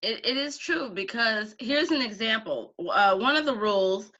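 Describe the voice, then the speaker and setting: A woman's voice: a little high, normal speed, dull audio. A woman who teaches a craft class, chatting as an interview guest and telling stories with acted-out quotes. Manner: animated storyteller, acts out quotes. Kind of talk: casual conversation.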